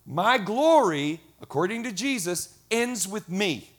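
A middle-aged man preaching a lively sermon, acting out quoted voices. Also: high-pitched, slow. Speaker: pastor.

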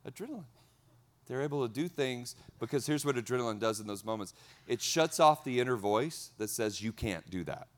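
A man preaching a sermon as a pastor, energetic, repeating key words and swinging between loud and soft. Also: medium pitch, brisk.

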